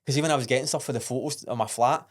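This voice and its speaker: A man's voice: medium pitch, rapid-fire. A young adult man with a Glaswegian accent, a podcast guest telling a story bluntly and earnestly, swearing freely and restarting his sentences. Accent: Scottish, Glaswegian. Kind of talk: casual storytelling.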